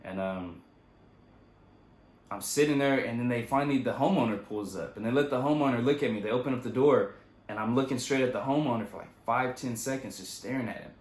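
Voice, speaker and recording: A young man casually retelling his own story in a loose, profane, animated way. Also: medium pitch, fairly quick, reverberant. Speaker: vlogger.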